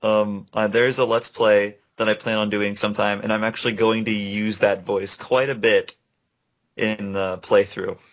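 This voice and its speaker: A man's voice: on the low side, flat delivery, moderate pace. A young man co-hosting a casual gaming podcast, rambling and laughing often. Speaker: podcast co-host. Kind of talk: casual chat.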